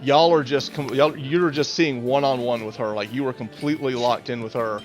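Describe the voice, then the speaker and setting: A man's voice: medium pitch, fairly even intonation, normal speed, soft background music. A man narrating a tabletop game as game master, in a casual, rambling way. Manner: casual, rambling with fillers and restarts.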